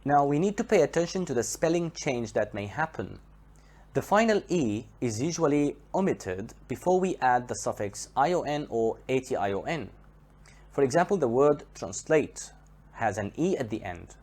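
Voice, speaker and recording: A man teaching English grammar, spelling out letters and repeating each example word slowly to show where the stress falls. His first language is Arabic. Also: medium pitch, very animated, darkish tone. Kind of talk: slow, careful grammar lesson.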